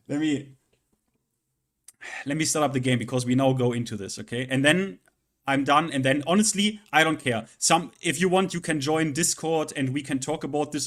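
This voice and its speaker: A man streaming live, ranting casually and profanely in an exasperated, rambling way, often restarting his sentences. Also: on the high side.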